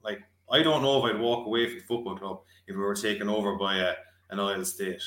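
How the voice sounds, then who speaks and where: Low-voiced guy, kinda bright and sharp, umming and like-ing, echoey room. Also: fairly even intonation, a little fast. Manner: hesitant, many "like" fillers. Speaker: podcast co-host. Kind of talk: football podcast discussion.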